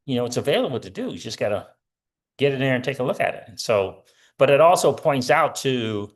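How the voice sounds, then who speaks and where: A middle-aged man with a mid-range voice hosts a casual cryptocurrency livestream. He rambles, fills his speech with fillers, and responds to comments from viewers.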